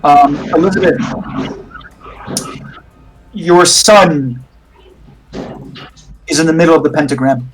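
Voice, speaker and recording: Slow, hesitant game master. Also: male voice, fairly high pitch, soft background music, rough recording. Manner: slow, hesitant, many fillers. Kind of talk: narrating a tabletop horror game.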